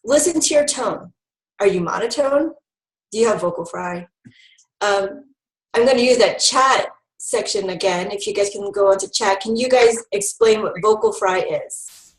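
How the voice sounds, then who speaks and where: A woman's voice: mid-range voice, normal speed, roomy sound, low-quality recording. A woman giving an online training talk to new health educators, upbeat and instructive, with frequent ums.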